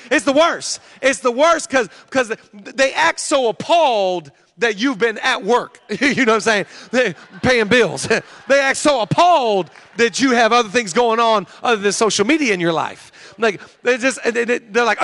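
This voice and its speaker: Pastor guy preaching, really high bright voice, talks casual then gets loud, big echoey hall. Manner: conversational, builds to loud preaching. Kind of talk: sermon. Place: large church hall. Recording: long hall reverb.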